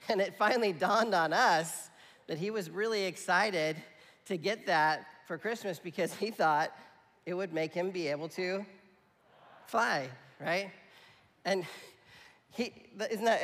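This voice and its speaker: A man's voice: high voice, measured pace, a bit bright. A man preaching a sermon in a conversational, emphatic way, often checking in with his listeners. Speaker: pastor. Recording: long hall reverb.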